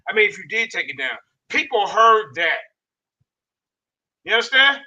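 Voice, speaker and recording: A man moderating an online debate on a video call, excitable and slangy. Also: high voice, moderate pace, highs cut off. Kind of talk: excited casual hosting.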